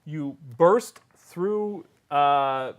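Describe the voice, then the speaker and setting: A man narrating as game master of a tabletop role-play game, telling the scene with lively energy. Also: on the high side, extremely slow. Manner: animated storytelling, laughs often.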